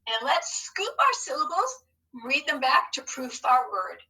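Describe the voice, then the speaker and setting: A woman's voice: high voice, very animated, sharp tone, distant mic, rough recording. A woman teacher giving a recorded spelling lesson to young students in an upbeat, encouraging way. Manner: upbeat, encouraging, slow and deliberate.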